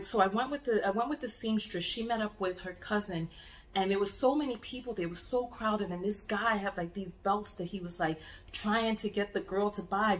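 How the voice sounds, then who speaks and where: A woman's voice: mid-range voice, roomy sound, a little hiss or hum. Chatty American woman vlogger. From United States. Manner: animated storyteller with many restarts and repeated words. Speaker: travel vlogger. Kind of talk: casual vlog chat to camera.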